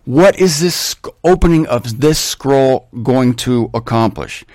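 A man teaching through a Bible passage in a conversational, animated way, with wry asides and humor. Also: medium pitch, a little slow, no room sound, clean studio sound.

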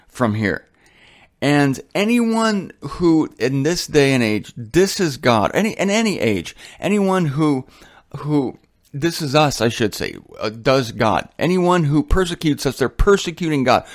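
A man preaching a sermon in a blunt, colloquial and emphatic way. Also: mid-range voice.

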